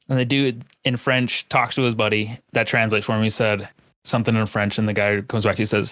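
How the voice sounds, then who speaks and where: A man's voice: medium pitch, level tone, brisk, fairly bright tone, no echo, studio quality. A man hosting a podcast, chatting casually and enthusiastically with a guest. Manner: rambling, restarts, enthusiastic. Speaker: podcast host. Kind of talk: casual interview chat.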